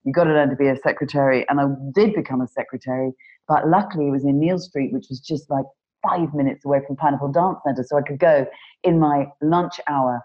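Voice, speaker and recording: Low-voiced woman, earnest storyteller. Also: fairly quick, dull audio. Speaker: panel guest, performer. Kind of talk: casual conversation. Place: home during lockdown.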